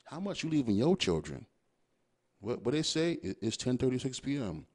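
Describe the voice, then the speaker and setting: A man's voice: medium pitch, normal speed. A young adult man hosting a podcast, delivering a profane, casual monologue full of rhetorical questions. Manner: animated, swearing freely, riffing with rhetorical questions. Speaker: podcast host.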